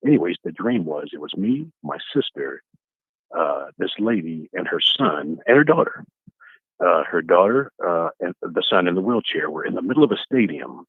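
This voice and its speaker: A male caller tells a long story in a rambling, casual way. His voice is lowish and husky. It comes through a tinny phone line that strips out the highs. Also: sing-song, normal speed, no room sound. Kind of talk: telling a story on a call-in show.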